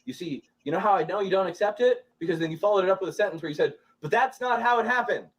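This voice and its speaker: A man in a heated argument with his partner, talking in a flat, even tone and short, curt one-liners. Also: sits high, very fast, slightly rough. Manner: flat, even tone even while angry.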